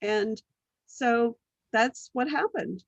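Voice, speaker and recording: Middle-aged woman guest, animated anecdotal delivery, fairly high voice, dry close recording. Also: drawn-out words, vocal fry, dry recording, highs cut off. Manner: animated anecdotes, acts out quoted voices, laughs often. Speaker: guest, business strategist. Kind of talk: casual storytelling interview.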